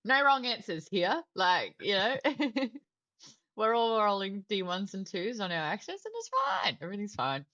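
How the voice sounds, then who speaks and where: A woman playing a tabletop role-playing game, playful and theatrical, quick to laugh while she talks. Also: medium pitch, sing-song, sharp tone, dull audio. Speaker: player. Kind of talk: tabletop role-play, partly in character.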